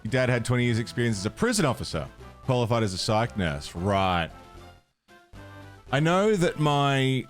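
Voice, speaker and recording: A man's voice: medium pitch, big pitch swings, moderate pace, faint music behind. An Australian man chatting casually on a game stream, swearing freely, laughing often and rambling with restarts. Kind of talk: casual stream chat while gaming.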